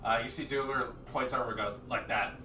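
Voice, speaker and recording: A man's voice: mid-range voice, steady tone, fast talker, echoey room, recorded from a distance, noisy background. A man narrating a tabletop game as game master, rambling with many fillers and restarts.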